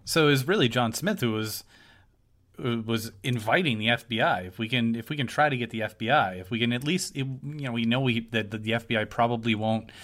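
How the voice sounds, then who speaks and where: A man's voice: mid-range voice, brisk, fairly bright tone. A man co-hosting a podcast, talking casually and rambling as he searches for words. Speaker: podcast co-host. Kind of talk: casual discussion.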